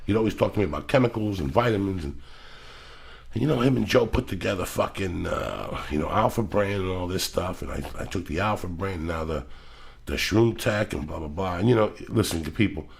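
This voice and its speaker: Gravelly, profane man telling stories. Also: deep voice, brisk. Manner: profane, animated storyteller. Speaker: podcast host. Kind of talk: casual podcast chat.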